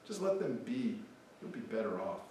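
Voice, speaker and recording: Man reading a blunt, exasperated Aussie figure, mocking, mid-pitched, far from the mic in a very echoey room. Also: very animated, normal speed, dark tone, a little hiss or hum, lightly acted. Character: blunt exasperated Australian man scolding Americans. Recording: echoey hall, mic from afar.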